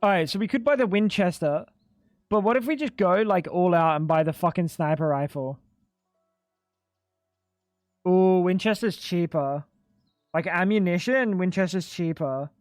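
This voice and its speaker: A man with a high-pitched voice streams a video game live, speaking at normal speed with frequent pauses. The recording is dry and clean, studio-quality, with faint music behind. His commentary is casual and chatty, full of swearing and constant "dude."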